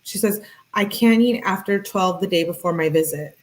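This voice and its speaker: Poor audio captures a woman with a lowish voice speaking at a moderate pace as she hosts her channel. She reads messages aloud without much inflection, stepping aside now and then for offhand remarks.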